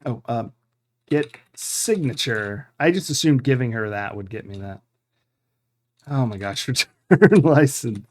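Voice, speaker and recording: A man's voice: medium pitch, animated, a little slow. A man streaming a game playthrough, thinking aloud and rambling with fillers as he reads the game text. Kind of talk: live game playthrough commentary.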